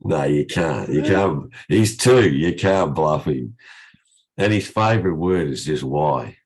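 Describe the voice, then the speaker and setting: An older man with a croaky voice from a cold, hosting a casual trading session over a video call, chatty and rambling with frequent restarts. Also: extremely low pitch, animated, slow pace, a little mellow.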